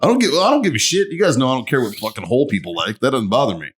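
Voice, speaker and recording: A man's voice: mid-range voice, big pitch swings, rapid-fire, breathy edge. A man hosting a podcast, telling loose, profane stories in casual chat and laughing often. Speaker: podcast host. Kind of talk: casual crude banter.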